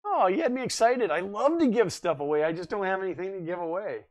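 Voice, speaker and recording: A man's voice: sits high, animated, fast. A man in his forties hosting a casual live stream, rambling and chatting as he answers viewers' comments. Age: 40s. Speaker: livestream host.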